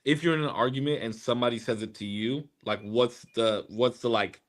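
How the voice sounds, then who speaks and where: A young man talks on a podcast, mulling things over in a blunt, casual way. He swears easily. His voice sits at an ordinary middle pitch. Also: fairly even intonation, a little fast, hardly any pauses. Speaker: podcast co-host. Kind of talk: casual chat.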